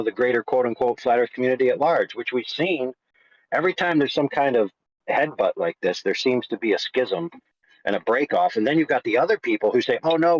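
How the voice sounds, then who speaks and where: A man's voice: mid-range voice, no echo. A man on a live online panel, rambling through long points with fillers. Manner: rambling, fillers like "you know, like". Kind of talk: casual discussion. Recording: dull dry call audio.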